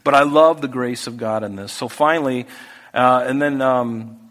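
A man preaching a sermon, talking through the text in a conversational way that moves from hushed to emphatic. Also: medium pitch, normal speed. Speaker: pastor. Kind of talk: expository sermon. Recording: echoey hall with long reverb.

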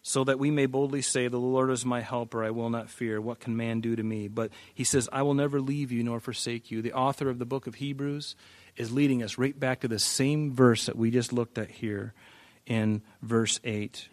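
Male pastor, mid pitch, dry close sound, emphatic verse-by-verse teaching style. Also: fairly even intonation, moderate pace, no echo. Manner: emphatic, repeats words, varies loudness for stress. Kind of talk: expository Bible teaching.

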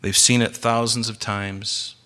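A man preaching a sermon, reading scripture and explaining it with emphatic, slowed stresses. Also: fairly low pitch, flat delivery. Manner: emphatic, varies loudness and slows for stress. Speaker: pastor.

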